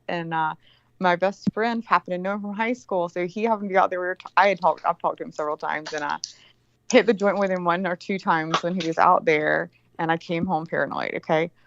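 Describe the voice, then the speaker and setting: A woman's voice: on the low side, gravelly, dry recording. Woman guest, casual video-call chat, nonstop cursing storyteller; dull, dry line. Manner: swears constantly, rambling storyteller.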